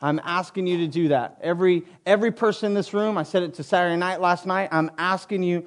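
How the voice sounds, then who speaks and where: A man with a high voice preaches to his congregation in a church sanctuary. He moves from hushed prayer into building, passionate teaching. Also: quick pace. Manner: prays softly, then preaches with rising intensity. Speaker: pastor. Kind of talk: sermon.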